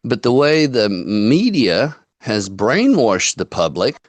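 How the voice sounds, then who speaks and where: Folksy male host, mid-pitched, close dry sound, loose storytelling chat. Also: sing-song, slow pace, no echo. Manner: folksy storyteller, quotes people in dialogue. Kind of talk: casual online chat.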